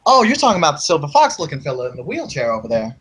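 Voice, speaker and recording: A man's voice: a little high, wildly swooping pitch, very fast, fairly bright tone, a little hiss or hum. A man playing a tabletop role-playing game, chatting in a joking way. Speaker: player.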